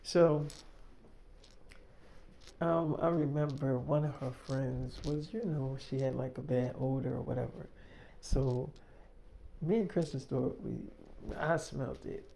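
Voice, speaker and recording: A man's voice: medium pitch, fairly even intonation, a little slow, vocal fry, pauses often, warm tone, slight background noise. A young man telling a story casually, rambling with lots of fillers and swearing.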